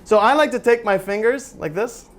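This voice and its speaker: A man's voice: sits high, normal speed, slight background noise. A man presenting a phonics seminar, quizzing his audience with questions and carefully modeling each sound aloud. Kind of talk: interactive teaching seminar. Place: seminar room with a live audience.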